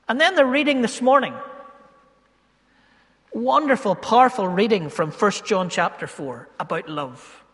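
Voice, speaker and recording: A man, a pastor preaching a sermon in church, moving between loud emphasis and hushed, slowed asides. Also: sits high. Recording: long hall reverb.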